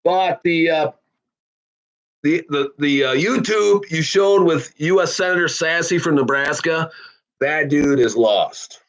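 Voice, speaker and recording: Blunt, animated man hosting a podcast. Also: takes it slowly. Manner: animated, blunt, swings between loud outbursts and low asides. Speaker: podcast host. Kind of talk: casual opinion podcast monologue.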